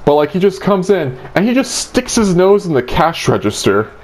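A man's voice: high-pitched, big pitch swings, moderate pace. A young man hosting a casual chat, rambling crudely through a dream story with lots of filler. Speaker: host retelling his dream.

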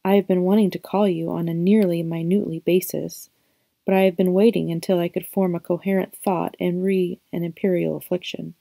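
A woman's voice: lowish voice, level tone, a little fast, vocal fry, warm tone, dry recording, studio quality. A woman reading an eager wordy teenage boy. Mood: earnest. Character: earnest witty teenage boy.

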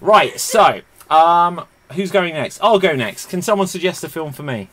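A man hosting a live online improv comedy show, joking and laughing at himself. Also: on the high side. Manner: lively, jokey, quick to laugh at himself.

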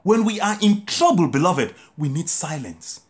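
Animated priest preaching. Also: male voice, a little high. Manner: preaching with drawn-out emphatic phrases and sudden lifts and drops. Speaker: Catholic priest. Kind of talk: sermon.

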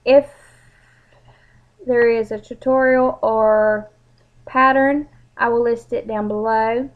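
Slow-talking woman vlogger. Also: on the high side, steady tone. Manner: chatty, rambling, apologetic. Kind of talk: casual channel introduction. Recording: dull lo-fi home recording.

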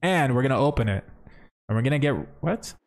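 A young man streaming a game, chatting casually and thinking out loud as he plays. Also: medium pitch, lively intonation, fairly quick. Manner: chatty, thinks aloud, says bro and man. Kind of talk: casual livestream commentary.

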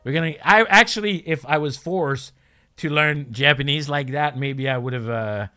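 A man's voice: on the high side, moderate pace, pushed and bright. A man giving casual, joking commentary while playing a language-learning game, laughing often.

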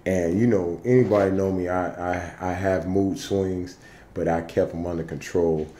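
A man's voice: steady tone, moderate pace, warm tone, roomy sound, slight background noise. A man casually telling his side of a domestic spat, profane and rambling. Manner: profane, rambling, low-key storytelling. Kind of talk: casual comic vlog banter.

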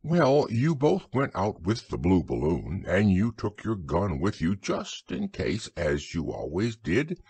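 A man narrating a children's story as a gentle, unhurried bedtime audiobook. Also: low-pitched, wildly swooping pitch, creaky, husky, dry recording.

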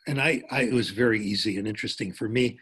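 An older man giving a conference talk in an anecdotal, conversational way, with pauses and restarts. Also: lowish voice, fairly bright tone, husky. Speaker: linguistics speaker.

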